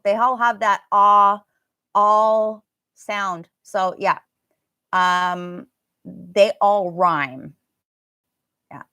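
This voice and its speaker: A woman's voice: medium pitch, steady tone, very slow, long pauses, bright, forceful tone, clear, resonant tone, dry recording, lo-fi sound. Chatty American woman teaching English live. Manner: chatty and laughing, answering viewer comments. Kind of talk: live online pronunciation class.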